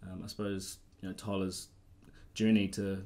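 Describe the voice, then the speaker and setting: A man's voice: sits low, level tone, normal speed, vocal fry, warm tone. A man with a New Zealand accent hosting a podcast, jokey and upbeat. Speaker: podcast host. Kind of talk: casual podcast chat.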